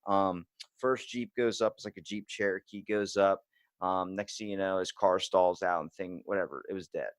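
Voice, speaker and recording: A young man hosting a podcast, telling stories in a loud, animated, swearing way. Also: low-pitched, normal speed, no room sound. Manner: animated, swearing storyteller who does voices. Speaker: podcast host. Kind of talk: casual podcast chat.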